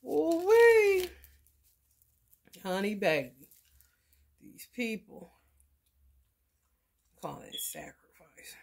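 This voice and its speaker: A woman's voice: medium pitch, animated, normal speed, slight background noise. A woman, talking loosely and profanely in a casual tarot vlog. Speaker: tarot reader.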